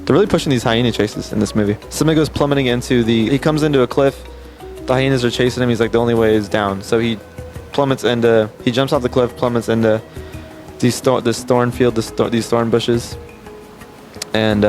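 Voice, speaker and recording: A man retelling a film scene by scene in an animated, emphatic way, often restarting his sentences. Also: fairly low pitch. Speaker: film reviewer. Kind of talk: casual scene-by-scene movie recap.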